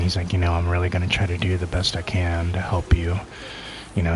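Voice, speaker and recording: A deep-voiced man recounts his own past in a loose, unpolished way. He leans on filler words constantly and often sinks into a quiet mutter. A faint hiss of noise sits under his voice. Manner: rambling, heavy use of filler words; low-key, often drops to a quiet mutter. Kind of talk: casual personal storytelling.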